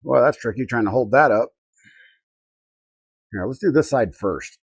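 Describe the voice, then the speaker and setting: A man's voice: medium pitch, animated, measured pace, breathy edge, no room sound. Chatty man streaming from his workshop. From Colorado. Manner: muttering to himself, reading chat aloud. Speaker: livestream host. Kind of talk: casual live-stream chat while working.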